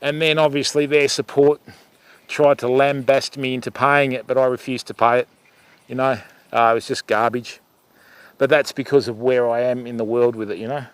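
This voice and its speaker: A man's voice: mid-range voice, little pitch movement, normal speed, clear, resonant tone, no echo. A middle-aged Australian man hosting a fishing livestream outdoors by a river, chatting casually with viewers and calling them mate. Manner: chatty, calls viewers mate and lovey, rambling asides. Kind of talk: casual live chat with viewers.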